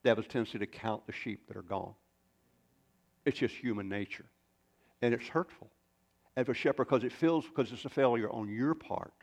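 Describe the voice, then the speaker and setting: A man's voice: mid-range voice, normal speed, pauses often. A male pastor preaching a sermon in a folksy, storytelling way, with rambling asides.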